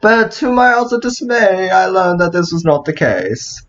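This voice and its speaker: Man voicing a snobby dragon confectioner, fussy connoisseur, high voice, dull lo-fi sound, swings all over. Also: very animated, a bit bright. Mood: proud. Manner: reads slowly in a raised put-on voice. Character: fussy male dragon ice cream maker, snobbish connoisseur.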